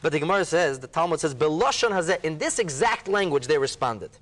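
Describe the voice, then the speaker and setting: A man, a rabbi, retelling a Talmud story in a dramatic way, going from hushed to exclaiming and using Hebrew terms. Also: a little high, lively intonation, quick pace. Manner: peppers speech with Hebrew and Aramaic terms. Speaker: rabbi leading a Talmud discussion.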